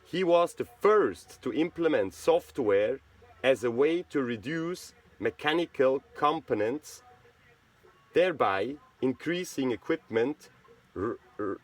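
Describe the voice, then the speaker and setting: A man's voice: mid-range voice, animated, a little slow. Swiss German-accented man, rambling monologue. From Switzerland. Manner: rambling, repeats words, asks "right?". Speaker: channel host. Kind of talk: casual monologue.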